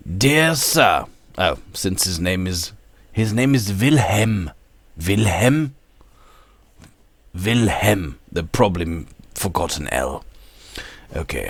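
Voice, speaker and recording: A man hosting a let's play, talking slowly and musing to himself as he plays. His voice sits a little low. It is recorded dry on a close mic with no room sound. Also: fairly bright tone, husky, dry recording. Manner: musing, talks to himself while playing. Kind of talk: casual gameplay commentary.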